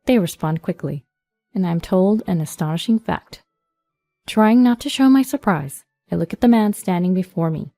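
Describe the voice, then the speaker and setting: A woman reading a first-person story in a measured, even way. Her voice is low and mellow, recorded close and dry. Faint background music plays throughout. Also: dry recording. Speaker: story narrator.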